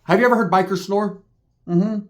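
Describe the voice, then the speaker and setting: A man's voice: high-pitched, fairly even intonation, fairly quick. Man telling a profane comic story. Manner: casual, profane, tags lines with right. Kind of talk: comedic storytelling.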